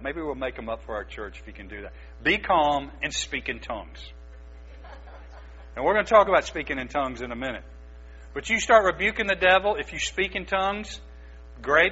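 A man's voice: on the high side, bright, forceful tone, husky. A man preaching a sermon as pastor, exhorting his listeners with emphatic, urgent delivery. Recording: dull lo-fi recording with mains hum.

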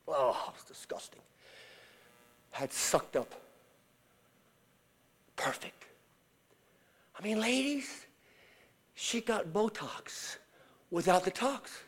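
A man preaching as a traveling evangelist, telling a story and acting out the voices in it, swinging from shouts to hushed whispers. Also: fairly high pitch. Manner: acts out quoted voices in storytelling. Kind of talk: sermon.

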